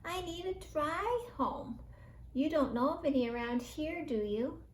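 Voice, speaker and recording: A shy little field mouse who has lost his home speaks quietly and haltingly, apologizing as he goes, voiced by a woman reading a bedtime story. His voice sits fairly high and unhurried. A roomy echo hangs around it. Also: animated, a little hiss or hum. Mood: hesitant. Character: shy homeless young male field mouse.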